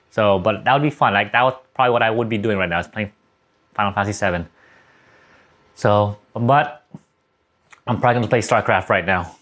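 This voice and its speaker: A young man talks straight to his camera in a loose, rambling rant, his voice sitting on the low side. He drifts from thought to thought and swears freely, and the delivery feels unscripted. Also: a bit bright. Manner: rambling, profane, talks off the cuff. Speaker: vlogger.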